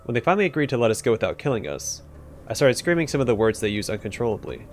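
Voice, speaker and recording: A man voicing a nervous male clerk who keeps bursting out with shouted word lists and then apologizes. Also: mid-range voice, very animated, rapid-fire, soft background music. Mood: twitchy.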